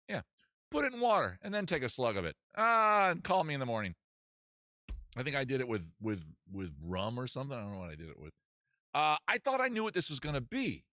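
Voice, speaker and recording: A man's voice: medium pitch, fairly bright tone, no room sound, studio quality. A man hosting a comedy livestream, rambling and self-mocking in a casual chat style. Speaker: host.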